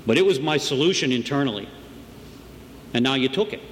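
Speaking fairly quickly in an expressive, mid-range voice, a middle-aged man shares his journey to sobriety with a meeting group in a loose, chatty style, regularly checking in with "right?" A long room reverb hangs on his words over a faint hum.

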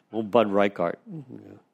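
A man with a low, gravelly, husky voice, recorded with a muffled sound, shares loose, rambling stories while leading a recovery step study. He talks informally to the group in a meeting room, leaning on "you know" again and again.

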